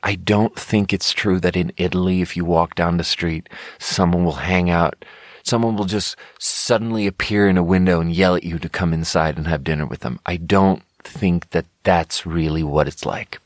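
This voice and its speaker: A man's voice: low voice, fairly even intonation, moderate pace, no echo, clean studio sound. A man, hosting a podcast in a rambling, profane casual monologue. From Sweden. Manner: rambling, profane, self-correcting. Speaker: podcast host.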